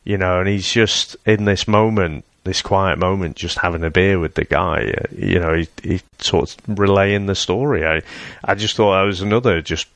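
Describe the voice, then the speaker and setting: A man co-hosting a podcast in casual chat, telling a story in a measured, self-deprecating way. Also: low-pitched, a bit bright, dry recording. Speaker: podcast co-host.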